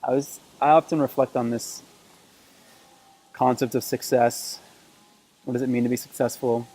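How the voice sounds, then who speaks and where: A man's voice: medium pitch, flat delivery, normal speed, dark tone, poor audio. A man talking to camera in an earnest, reflective way, repeating phrases for emphasis, recorded on a camera propped on a table. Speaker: vlogger. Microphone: camera mic on a table.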